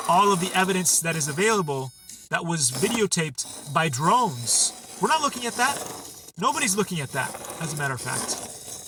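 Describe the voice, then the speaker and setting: A man rants with heat and sarcasm. His voice is high and bright. He sits a little back from the mic, with faint noise behind him. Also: distant mic, rough recording. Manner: heated, sarcastic, repetitive ranting. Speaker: channel host. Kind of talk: political rant to camera.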